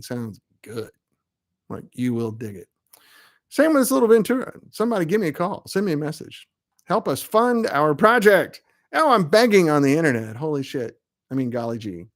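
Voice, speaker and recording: Middle-aged man, amp builder hosting a live stream, casual rambling chat, self-mocking. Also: fairly high pitch.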